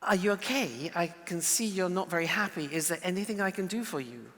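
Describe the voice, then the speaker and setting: A man as a gentle, caring meerkat. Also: high-pitched, lively intonation, brisk. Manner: gentle, soothing. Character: calm, caring, curious meerkat. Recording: long reverberant hall.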